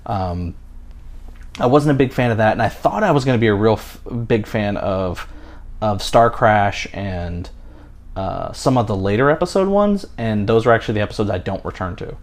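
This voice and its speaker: A man's voice: lowish voice, lively intonation, normal speed. A man in his thirties co-hosting a podcast in casual chat, rambling with many fillers and restarts. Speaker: podcast co-host.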